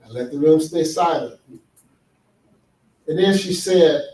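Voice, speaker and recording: In an unhurried, mellow voice pitched fairly high, a man gives a sincere conference talk on men's healing, mixing stories with questions for the audience. The setting is a large, echoey hall, and the mic sits at a distance from him.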